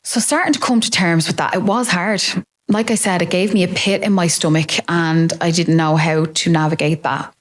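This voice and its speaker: A woman's voice: lowish voice, fairly even intonation, normal speed. A woman in her late thirties, possibly, talking openly and reflectively about her own life as a podcast host. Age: 30s. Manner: open, reflective, confiding. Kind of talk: candid personal monologue.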